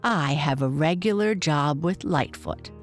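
A woman's voice: deep voice, measured pace, faint music behind. A woman voicing a cheerful, hard-working poor boy who talks eagerly. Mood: excited. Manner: eager, excited.

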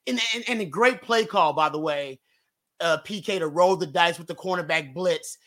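A man's voice: a little high, normal speed, fairly bright tone. A man talking as a guest on a postgame football show, emphatic and openly emotional as a fan. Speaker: guest analyst. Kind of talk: postgame sports talk show.

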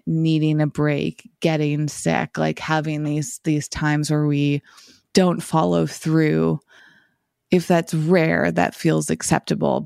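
A woman's voice: deep voice, gravelly, a little mellow, no room sound, studio quality. A woman hosting a solo podcast, talking through her thoughts in a rambling, reflective way with many filler "like"s. She sounds tired and slightly scratchy. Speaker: podcast host.

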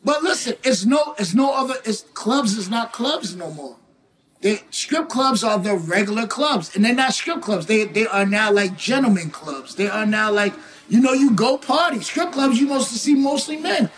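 A man being interviewed as a guest rapper, talking emphatically, repeating himself and bursting into shouts. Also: sits high, expressive, normal speed, rough recording. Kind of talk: casual interview talk.

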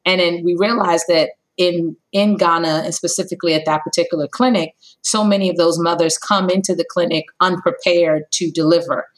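A woman's voice: a little fast, few pauses, low-quality recording. A woman in her thirties, a company co-founder telling her story in a podcast interview, acting out bits of dialogue as she goes. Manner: animated storyteller, acts out dialogue with big pitch jumps.

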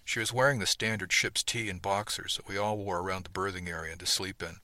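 A man reading a first-person story aloud, steady and conversational. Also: sits low, fairly quick, dry recording. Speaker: audiobook narrator. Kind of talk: first-person audiobook narration.

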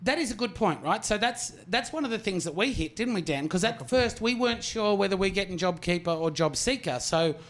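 High-voiced Australian comedian in his forties. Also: lively intonation, brisk, few pauses, a bit bright. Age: 40s. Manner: swearing, loose storytelling with audience asides. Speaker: stand-up comedian. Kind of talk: stand-up comedy routine with crowd work.

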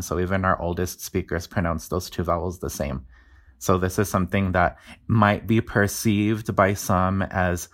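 A man's voice: deep voice, a bit bright. A man speaking as a linguist guest, explaining his research in a casual, enthusiastic way, often laughing and restarting words.

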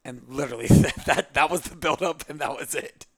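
A man's voice: a little high, brisk, a bit bright, no room sound. A man in his thirties telling a candid personal story in a rambling way, with many fillers like 'like'. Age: 30s. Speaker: guest.

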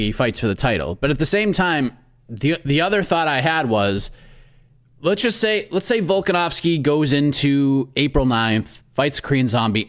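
A man from Boston with a Boston accent, hosting a casual MMA talk show, animated and excitable, with pitch leaping on stressed points. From Boston, USA.

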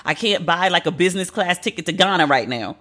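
A podcast host in their thirties, venting in a casual, animated and profane solo monologue. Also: medium pitch, quick pace.

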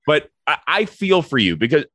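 A man's voice: a little high, big pitch swings, moderate pace, sharp tone, no room sound, clean studio sound. A man from Cleveland, Ohio, hosting a podcast and interviewing his guest in a chatty, joking way. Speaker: podcast host.

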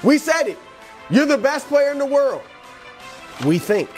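An animated man whose voice swings widely up and down as he hypes players one by one, like a pep talk. He co-hosts a sports talk show with a soft music bed behind him. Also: very high-pitched, a little slow. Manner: animated, hyped motivational delivery addressed to players. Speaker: co-host.

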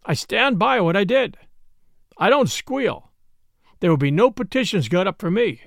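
A man's voice: high-pitched, very animated, normal speed, vocal fry, no echo, clean studio sound, exaggerated voice. A man voicing a grim young male telegraph operator who speaks tersely and bluntly.

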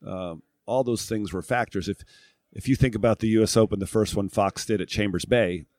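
A middle-aged man from New England speaks as an interview guest. His voice sits fairly low and he thinks aloud, restarting phrases and filling gaps with "uh" and "um". The sound is dry and close. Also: a little fast, a little mellow, no room sound. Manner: reflective, thinks aloud with frequent fillers and restarts. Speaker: guest, former tour golfer and broadcast analyst. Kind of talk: casual interview talk.

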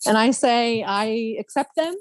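A woman, a podcast guest, telling a personal story in a casual, animated way, laughing often and imitating other people's voices. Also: fairly high pitch, a little slow, no echo.

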